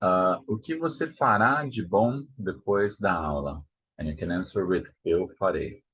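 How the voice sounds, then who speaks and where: A Brazilian man teaching Portuguese, saying each word slowly and repeating it to model the pronunciation. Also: deep voice, a bit bright, breathy edge. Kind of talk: language lesson. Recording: dull lo-fi sound.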